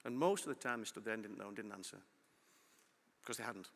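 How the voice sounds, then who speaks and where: Fast, bright-voiced man in a hall. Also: on the low side, creaky. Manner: lively, asks the audience questions. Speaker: conference speaker. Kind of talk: conference talk. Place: large conference hall. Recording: long hall reverb.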